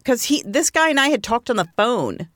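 A woman's voice: very animated, normal speed, fairly bright tone, dry recording. Chatty woman telling stories, dry sound. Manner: chatty storyteller, acts out quotes with big pitch jumps. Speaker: podcast co-host. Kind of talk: casual chat.

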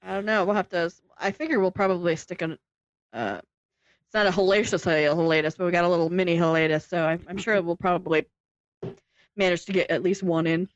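A woman's voice: lowish voice, brisk, no echo. A woman co-hosting a podcast in casual chat, laid-back with short wry replies. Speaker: podcast co-host. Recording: slightly dull lo-fi sound.

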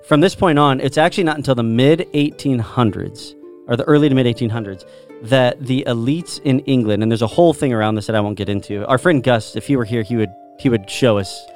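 A man's voice: mid-range voice, a little fast, a little mellow, faint music behind. A man hosting a podcast, explaining at length in casual chat and demonstrating pronunciations. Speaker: podcast host.

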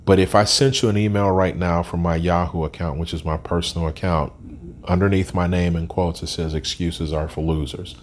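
A man's voice: low-pitched, fairly even intonation, fairly quick, a little hiss or hum. A man in his sixties telling his life story as an interview guest, candid and plain-spoken with frequent ums and restarts. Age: 60s.

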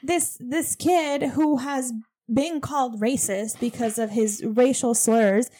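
A woman's voice: a little high, fairly even intonation, slow, dark tone. A young woman co-hosting a casual chat, blunt and indignant, swearing freely. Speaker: podcast co-host.

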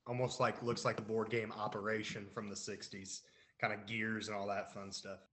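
A man's voice: fairly low pitch, flat delivery, moderate pace, sharp tone, a little hiss or hum. A man co-hosting a podcast, chiming in with questions and asides in casual chat. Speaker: podcast co-host.

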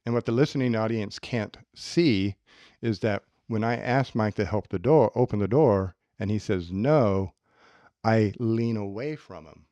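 A man's voice: lowish voice, a little slow, dry recording. A man co-hosting a self-help podcast, teaching and acting out little everyday scenes. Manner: animated, acts out little scenes. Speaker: podcast co-host.

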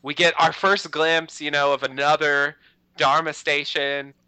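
A man's voice: fairly high pitch, little pitch movement, measured pace, bright, forceful tone, clean tone, no room sound, poor audio. A man co-hosting a podcast, chatting casually and rambling with lots of "you know" fillers. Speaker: podcast co-host. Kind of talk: casual chat.

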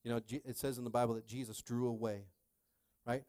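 A man preaching a sermon as pastor, telling a personal story animatedly, swinging between hushed and loud, and checking in with the crowd again and again. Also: medium pitch, flat delivery, a little fast, no room sound, studio quality.

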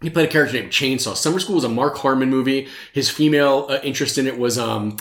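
A man's voice: medium pitch, fast, a bit bright, roomy sound. A man hosting a podcast in casual chat, rambling and jokey, who swears and laughs often. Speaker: podcast host.

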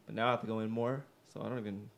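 A man's voice: fairly low pitch, little pitch movement, very fast, vocal fry, slight background noise. A man co-hosting a casual podcast, talking in a laid-back, offhand way with some swearing. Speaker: podcast co-host. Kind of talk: casual chat.

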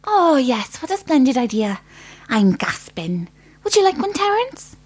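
A woman's voice: high voice, big pitch swings, a little slow, a little mellow. A woman playing Pat, a chirpy, deferential female detective.

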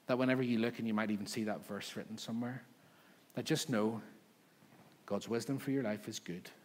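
Man, pastor, earnest conversational sermon, lowish voice, faint room hum. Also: fairly even intonation, a little fast, darkish tone. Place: church service in a room.

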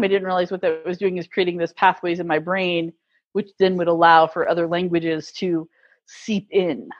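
A woman's voice: medium pitch, muffled recording. A woman telling stories in a casual interview, laughing often as she talks. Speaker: guest.

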